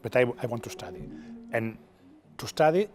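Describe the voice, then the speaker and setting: An older man from Catalonia, a native Catalan speaker with a Catalan accent, answering interview questions in halting English, repeating words and ending thoughts with "okay?". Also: medium pitch, big pitch swings, over music. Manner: halting, repeats words, frequent "okay?" tags, laughs often. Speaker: television producer, guest.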